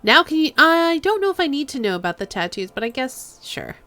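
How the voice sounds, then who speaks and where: A woman's voice: high voice, sing-song, fairly quick, bright, forceful tone. A woman streamer giving casual, chatty, self-deprecating commentary while she plays a game. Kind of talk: casual let's-play commentary.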